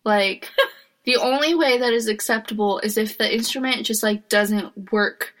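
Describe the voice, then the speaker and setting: A woman co-hosting a casual podcast chat, earnest and soft-spoken. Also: fairly high pitch, a little slow. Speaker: podcast co-host.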